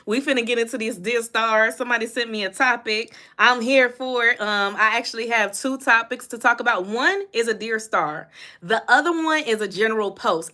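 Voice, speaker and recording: This young woman's mid-range voice is bright and forceful as she runs a relaxed phone livestream. Chatty and quick to laugh, she reads viewer comments aloud and responds to them.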